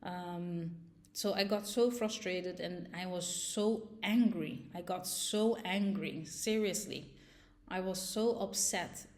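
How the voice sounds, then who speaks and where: A woman's voice: lowish voice, slow. A young woman vlogger recounting a personal ordeal, agitated, with frequent fillers and restarts. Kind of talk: personal storytelling.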